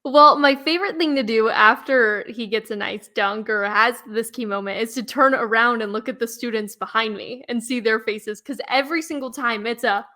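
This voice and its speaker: A woman's voice: fairly high pitch, normal speed, hardly any pauses, bright, forceful tone. A woman sports reporter chatting on a podcast in an upbeat, giggly way. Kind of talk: casual podcast chat.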